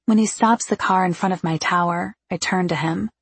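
A woman with a husky, gravelly voice narrating a first-person novel in an intimate, confiding way. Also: lowish voice, steady tone, moderate pace, no room sound. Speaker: audiobook narrator.

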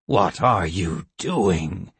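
A man voicing a flustered, protesting male board chairman in an audiobook, his voice husky. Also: sits low, lively intonation, very slow, a bit bright, exaggerated voice. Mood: alarmed. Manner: alarmed, protesting.

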